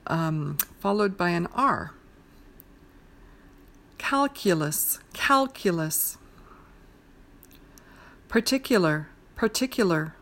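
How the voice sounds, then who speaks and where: A woman leads a pronunciation lesson at an unhurried pace, pronouncing each word twice with deliberate, careful articulation. Her voice sits at a middle pitch for a woman, and she gives short instructions between the words. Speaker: pronunciation teacher. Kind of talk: slow, careful word-list drill.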